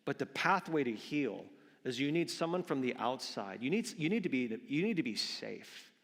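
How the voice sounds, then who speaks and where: A man's voice: medium pitch, big pitch swings, moderate pace, vocal fry, a bit bright. A man preaching a sermon as pastor, earnest, often repeating words and calling his listeners friends. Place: church sanctuary. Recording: long reverb of a large hall.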